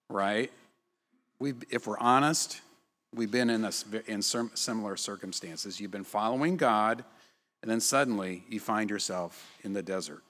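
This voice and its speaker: Lowish husky guy preaching, chatty, lots of "right?", big hall reverb. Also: a bit bright. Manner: conversational, frequent tag questions. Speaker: pastor. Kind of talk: sermon.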